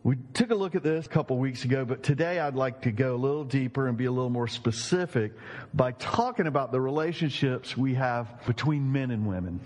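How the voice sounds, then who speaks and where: A man's voice: medium pitch, lively intonation, brisk, a little mellow. Male pastor preaching in a reverberant hall. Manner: storytelling, emphatic. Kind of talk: sermon.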